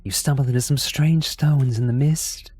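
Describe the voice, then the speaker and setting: A man's voice: mid-range voice, steady tone, normal speed, dark tone, husky, no echo, faint music behind, pitched above the performer's own voice, natural voice. A man voicing a sinister, menacing male card-game dealer, narrating a video game in a theatrical, ominous voice.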